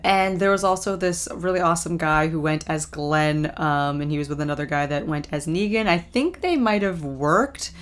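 A young woman vlogger chatting casually through a recap, rambling with lots of ums and likes and quick laughs. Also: sits low, clear, resonant tone.

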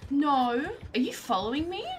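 Excitable young woman streamer. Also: sits high, moderate pace, slight background noise. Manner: excitable, panicky, often shrieking and laughing. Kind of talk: live gameplay commentary.

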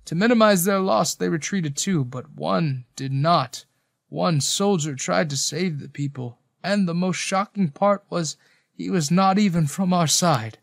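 A man voicing a weary, wise older village man in a spoken story, slow and solemn. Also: fairly high pitch, gravelly, no room sound, clean studio sound, voice pushed up. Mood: grave. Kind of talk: audiobook character voice.

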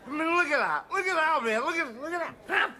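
A mouthy drunk. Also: male voice, very high voice, expressive, fast talker, pushed and bright, heavily acted. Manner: combative, stammering rants. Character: belligerent middle-aged drunk man, mouthy and cynical. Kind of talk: TV sitcom acting.

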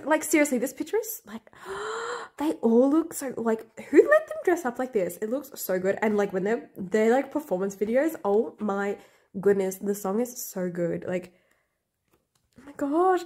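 A young woman vlogger unboxing albums in a room at home, gasping and gushing, often dropping to breathy half-whispered squeals. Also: fairly high pitch, big pitch swings, normal speed, darkish tone. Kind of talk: excited unboxing chat.

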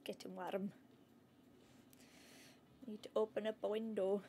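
A woman streaming a game from home into a desk mic, yelping and shouting at it with lots of exclamations. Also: medium pitch, level tone, measured pace, slight background noise. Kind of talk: live gaming stream commentary. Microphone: new desk mic.

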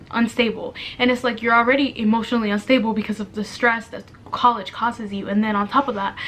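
This college-age vlogger gives her viewers earnest, down-to-earth advice in a chatty style heavy with fillers. Her voice runs high and a bit bright, and a little hiss or hum can be heard.

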